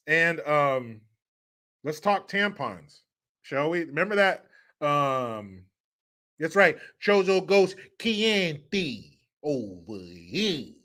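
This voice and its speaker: A man's voice: fairly high pitch, fairly bright tone. A man hosting a live stream commentary show, mocking and profane and laughing often. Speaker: host.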